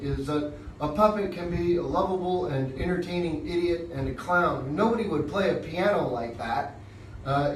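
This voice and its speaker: A man teaching English, explaining how he uses puppets in class in a relaxed, halting way with fillers. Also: fairly high pitch, slight background noise. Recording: echoey room from far off.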